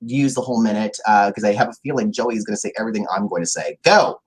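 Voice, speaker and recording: A man's voice: fairly low pitch, lively intonation, quick pace, breathy edge. A young man co-hosting a casual podcast, campy and theatrical, with crude jokes. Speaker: podcast co-host. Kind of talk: casual chat.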